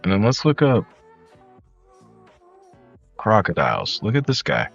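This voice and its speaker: A man in his thirties co-hosting a podcast, chatting casually in an excitable way, swearing freely. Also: lowish voice, a little slow, creaky, muffled recording, faint music behind. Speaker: podcast co-host. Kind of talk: casual chat.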